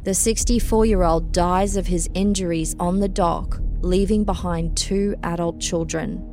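Woman narrating true crime over faint music. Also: fairly low pitch. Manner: measured, even storytelling delivery.

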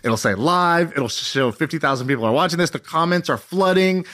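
A man in his thirties co-hosting a podcast, telling stories in an animated way and acting out quotes. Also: fairly high pitch, a little fast. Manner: animated storyteller, laughs often, acts out quotes. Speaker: podcast co-host. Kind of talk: casual chat.

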